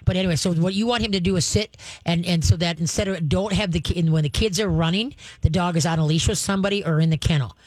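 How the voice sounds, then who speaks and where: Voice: mid-range voice, fast talker, few pauses, no echo. A dog trainer giving advice to a caller, rambling with many restarts and playful dog talk, laughing often along the way.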